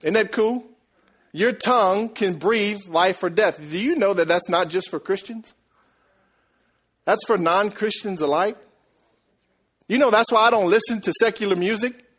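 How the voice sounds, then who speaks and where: A male pastor delivers a sermon. He mixes storytelling with quick questions to the room, animated and conversational. His voice sits slightly high for a man.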